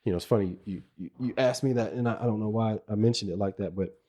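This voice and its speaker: A man's voice: lowish voice, fast, mellow, husky. A middle-aged man co-hosting a podcast, talking casually and reflectively, with frequent restarts and laughter. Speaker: podcast co-host.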